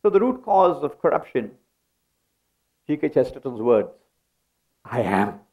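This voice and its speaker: A man's voice: fairly high pitch, big pitch swings, normal speed, mellow. A middle-aged man preaching a sermon in a church, leading the congregation in call-and-response. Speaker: pastor.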